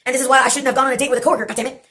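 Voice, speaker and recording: A woman's voice: sits high, fairly even intonation, racing, a bit bright. A woman in her late twenties telling a rambling, profane personal story with sardonic asides and laughs mid-sentence. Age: late 20s.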